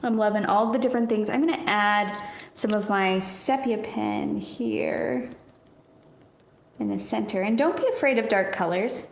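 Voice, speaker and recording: A woman in her thirties chatting warmly through a painting lesson, encouraging and quick to laugh. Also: medium pitch, roomy sound, slight background noise. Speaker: art teacher. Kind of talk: casual painting tutorial.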